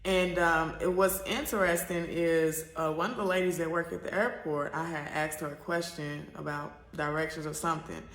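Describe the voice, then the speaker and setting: A woman vlogger from the United States talks straight to camera, wandering through her story with lots of fillers and false starts. Her voice has a gravelly edge. The room around her is echoey. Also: low voice, fairly even intonation, moderate pace, few pauses, a bit bright. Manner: rambling and candid, with many fillers and restarts.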